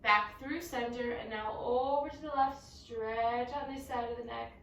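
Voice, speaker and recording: A young woman teaching a children's yoga class, giving gentle, encouraging instructions. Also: a little high, fairly even intonation, unhurried, a little hiss or hum. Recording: echoey room, mic at a distance.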